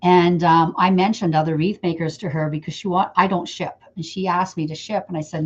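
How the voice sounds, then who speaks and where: A woman's voice: fairly low pitch, fairly even intonation, fairly quick, hardly any pauses. A friendly, talkative middle-aged woman from Canada walks viewers through making a wreath on a live stream. She greets commenters by name between steps. The sound is a little dull and lo-fi, like a webcam mic. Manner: chatty, talks to viewers by name while working. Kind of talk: casual live-stream crafting demo.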